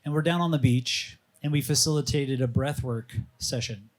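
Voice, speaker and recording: A man speaking as a fasting coach on a live panel, telling stories in a casual, animated way and acting out the voices of people he quotes. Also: medium pitch. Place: outdoor or open venue at a live panel.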